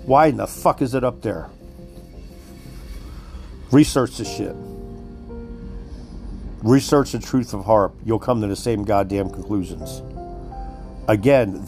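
A man's voice: lowish voice, darkish tone. A man giving a heated, profane monologue, worked up and repeating himself as he speaks to his listeners. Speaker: commentator. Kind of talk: profane conspiracy rant.

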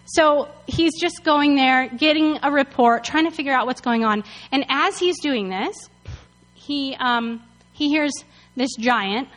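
A woman leading a casual Bible study, chatty and animated, full of "like" and "you know" as she retells the story. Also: high-pitched, long reverb tail.

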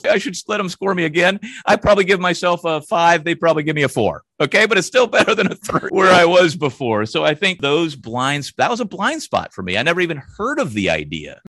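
A man, a company CEO, talking on a video call as an interview guest, animated and stammering into restarts when he gets excited. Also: a little high, quick pace, few pauses. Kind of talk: conversational interview storytelling.

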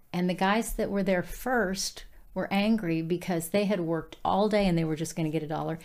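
A woman's voice: fairly low pitch, a little mellow. A woman giving a casual devotional Bible teaching, speaking earnestly and directly to her listeners.

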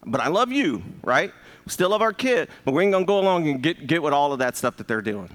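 A man in his fifties preaching a sermon as pastor, animated and joking, calling on the congregation to answer. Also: fairly high pitch, quick pace. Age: 50s.

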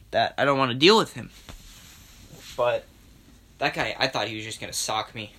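A man's voice: mid-range voice, expressive, moderate pace, bright, forceful tone. A young man hosting a podcast alone, rambling casually, swearing and poking fun at himself. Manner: rambling, self-mocking, profane. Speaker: podcast host. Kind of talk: casual solo monologue.

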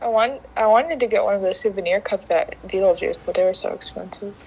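A woman's voice: mid-range voice, fairly quick, darkish tone, a little hiss or hum, rough recording. A woman chatting casually, teasing and chiming in with prompts while her friend tells a story. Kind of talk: casual chat.

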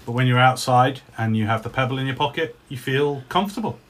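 A man's voice: medium pitch, quick pace. A man serving as game master for his children, narrating their tabletop adventure in a loose, joking way and laughing easily.

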